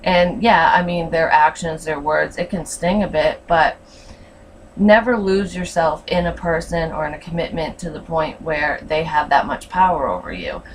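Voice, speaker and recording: Frank tarot reader, a woman with a lowish voice, a bit off-mic with faint hiss. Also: moderate pace, recorded from a distance, poor audio. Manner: blunt and frank, swears freely. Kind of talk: casual tarot reading.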